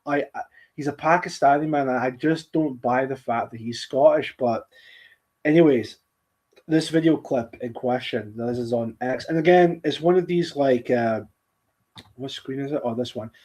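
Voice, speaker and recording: A man's voice: medium pitch, moderate pace, a little mellow. A man hosting a live-streamed talk show, chatting casually with a rambling, restarting delivery. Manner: rambling, with frequent restarts and laughter. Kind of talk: casual chat. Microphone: streaming setup microphone.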